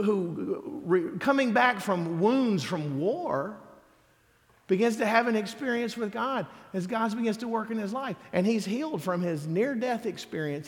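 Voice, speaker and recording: A man's voice: high-pitched, vocal fry, big-room sound. A male preacher delivering a sermon emphatically, building his points through repeated refrains.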